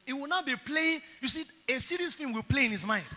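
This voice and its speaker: Nigerian male preacher, middle-aged, bright high voice, lively storyteller in an echoey hall. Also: quick pace, hardly any pauses. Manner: animated storytelling, acts out dialogue. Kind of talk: sermon.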